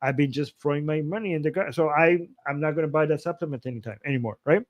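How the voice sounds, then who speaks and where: A man hosting a livestream, explaining his method in a blunt, animated, casual way and swearing freely. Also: fairly high pitch, fast, muffled recording. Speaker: livestream host.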